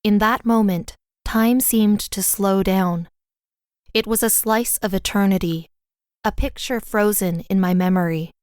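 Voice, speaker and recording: A woman narrating a fantasy audiobook in the first person, with a smooth, clear reading voice. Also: mid-range voice, fairly even intonation, unhurried, a little mellow, no room sound, studio quality.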